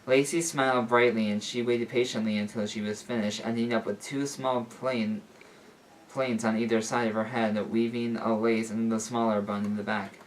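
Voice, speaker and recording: Guy reading fanfic out loud, trips over words, mic far off with faint hiss. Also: on the low side, level tone, moderate pace. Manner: unpolished, stumbles and fixes his words. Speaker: story reader. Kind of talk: reading fan fiction aloud.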